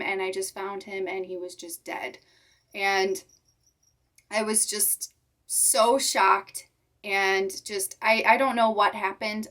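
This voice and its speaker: A woman's voice: mid-range voice, a bit bright. Tearful young woman vlogger, mic a bit distant. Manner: tearful, fighting back tears, halting. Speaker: reptile channel host. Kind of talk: emotional vlog talk to viewers.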